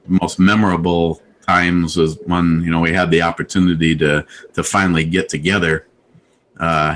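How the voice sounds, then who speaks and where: A man's voice: deep voice, fairly bright tone, slight background noise, low-quality recording. A man casually telling a rambling story on a live video chat, with lots of restarts and quotes he acts out. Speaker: live show host.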